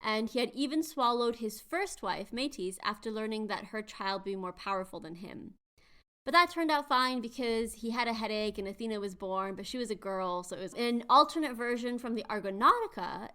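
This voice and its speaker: A woman's voice: fairly high pitch, animated, brisk, sharp tone. A woman hosting a podcast, chatting animatedly as she retells myths with quiz-like asides. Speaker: podcast host. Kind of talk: casual chat retelling myths.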